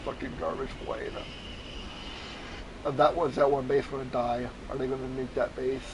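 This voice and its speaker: A man's voice: mid-range voice, moderate pace, noisy background. A man streaming a flight game, telling a long profane story in a rambling, casual way. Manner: profane, rambling, animated retelling. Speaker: gamer streamer. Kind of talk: casual storytelling over gameplay.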